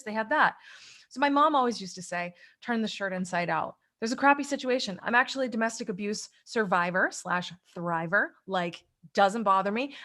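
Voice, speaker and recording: Middle-aged female coach, high-ish voice, lively interview guest. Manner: energetic, acts out inner voices. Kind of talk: interview, motivational talk.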